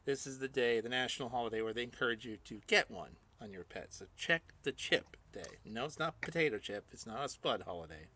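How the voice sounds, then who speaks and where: A man's voice: mid-range voice, a little fast, few pauses, a little hiss or hum. A man hosting a casual radio show, joking with his co-host and reading out the day's national holidays. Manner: jokey, animated, reads out national days. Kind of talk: casual on-air banter.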